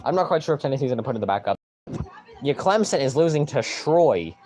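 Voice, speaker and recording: A man's voice: medium pitch, fast. Rambling young man reacting to football. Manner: rambling, excitable, mild swearing. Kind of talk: casual live-stream reaction.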